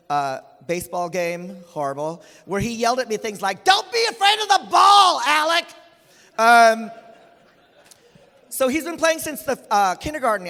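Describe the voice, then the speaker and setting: On a large conference hall stage, a high-pitched man emcees the event with stand-up-style comic stories, animatedly acting out the voices of people he quotes. Echoey hall reverb colors the recording.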